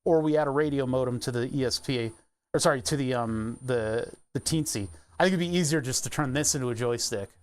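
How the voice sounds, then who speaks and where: A man's voice: mid-range voice, a little fast, clear, resonant tone. A man streaming live, chatting casually and thinking aloud as he pedals an exercise bike, laughing often. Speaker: Twitch streamer.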